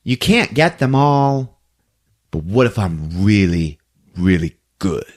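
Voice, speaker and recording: Man playing a smirking movie villain, teasing and menacing, lively pitch. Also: slow, exaggerated voice. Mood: taunting. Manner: taunting, teasing.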